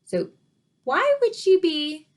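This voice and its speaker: A woman teacher reading a storybook to children, pausing to ask questions and explain words. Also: very high voice, very animated. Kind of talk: read-aloud story lesson for children.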